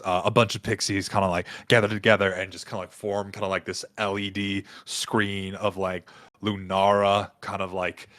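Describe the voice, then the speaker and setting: A man's voice: low voice, fairly bright tone, dry recording. Casual male game master, dry mic. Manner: casual, filler-heavy narration. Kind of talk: narrating a tabletop game.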